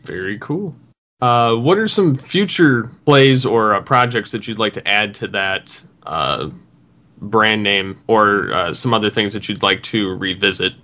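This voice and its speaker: A man's voice: lowish voice, a little slow, sharp tone. A man hosting a podcast interview, asking casual questions in a hesitant way with many fillers. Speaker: podcast host.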